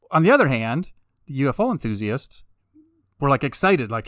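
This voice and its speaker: Wry, sarcastic podcast host, dry close mic. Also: male voice, mid-range voice, very animated, a bit bright, no room sound. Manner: wry and sarcastic, with laughing asides; builds to emphatic, drawn-out peaks. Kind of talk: casual monologue.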